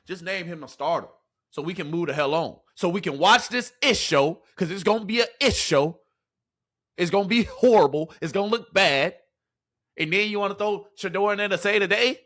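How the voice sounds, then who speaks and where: A man's voice: sits high, normal speed, a bit bright, no room sound, clean studio sound. A man ranting to his live chat as a sports commentator, repeating rhetorical questions in exasperation.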